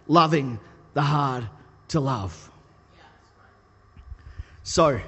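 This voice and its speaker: A man preaching a sermon, telling stories in an animated, self-deprecating way. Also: fairly high pitch. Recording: long reverb of a large hall.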